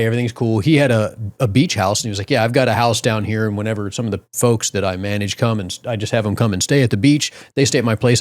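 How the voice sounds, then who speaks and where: A middle-aged man spins an anecdote in easygoing podcast chat. His voice sits at an ordinary pitch and stays relaxed. He jumps up into loud, high yelps when he acts out his own panic. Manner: animated storyteller, loud high yelps when quoting himself. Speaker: podcast co-host. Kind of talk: casual storytelling chat.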